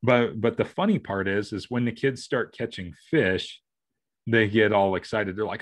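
Low-voiced middle-aged man, rambling. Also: normal speed. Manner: rambling, restarting, acting out family members' lines. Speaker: podcast co-host. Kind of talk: casual chat.

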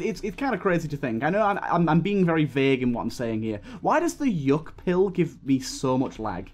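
A man's voice: on the high side, a little mellow. A man giving casual, rambling gameplay commentary as a YouTuber, laughing often and restarting his sentences, with hiccups. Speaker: gaming YouTuber.

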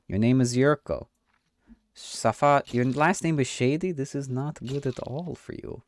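This streamer plays a game for laughs, slipping into a pompous inspector persona with a fake foreign accent and some cursing. He speaks unhurriedly in a mid-range voice.

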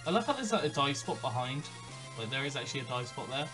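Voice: medium pitch, expressive, fast, a bit bright. Chatty let's play host, laughs a lot, teases themself, faint game music behind. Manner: chatty, self-deprecating, laughs often. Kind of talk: casual game commentary.

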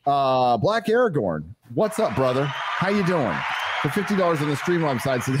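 A man hosting a live stream, reading out donations and chatting in a joking, swearing, animated way. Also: mid-range voice, a little fast, background noise. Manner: animated, joking, swearing, reads superchats aloud. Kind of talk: casual live-stream chat.

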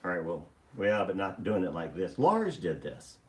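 Blunt, low-voiced man chatting casually. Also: sing-song, normal speed, a little hiss or hum. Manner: blunt, joking, swears freely. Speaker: boatbuilder hosting a live stream. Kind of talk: casual live-stream chat and demonstration.

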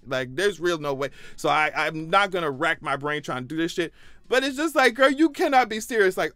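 A man giving casual reaction commentary, sassy and profane, breaking into high-pitched exclamations. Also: expressive, a little fast, a bit bright, dry recording. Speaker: commentary vlogger.

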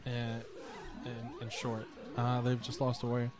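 A man's voice: medium pitch, monotone, moderate pace, over music. A young man doing casual, dry, joking commentary on a video game tournament. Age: young adult.

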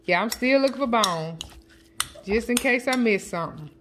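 A woman chatting casually as a home cooking vlogger, counting her seasoning shakes out loud and joking with family off camera. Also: on the high side, animated, moderate pace, background noise. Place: home kitchen. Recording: kitchen clatter of dishes and utensils.

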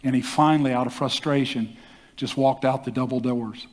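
Older pastor preaching with hall echo. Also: male voice, mid-range voice, normal speed. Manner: animated storytelling, acts out quoted voices. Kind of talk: sermon testimony. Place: church hall. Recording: long hall reverb.

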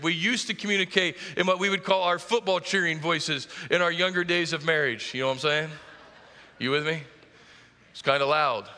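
A middle-aged man preaches from the pulpit in a fairly high, very bright voice. He presses each point with rising emphasis and drops into playful asides. His voice rings with a long reverb through the church hall. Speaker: pastor. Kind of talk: sermon. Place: church sanctuary.

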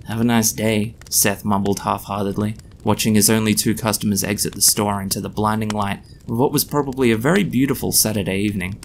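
A man reading his own story aloud in a measured, dry narration. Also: lowish voice, fairly even intonation, vocal fry, a little hiss or hum.

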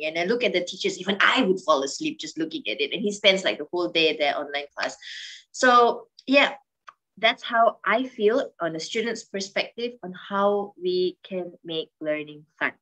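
A middle-aged woman speaking as a panelist in an online webinar, swinging her pitch and loudness for emphasis. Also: moderate pace, low-quality recording.

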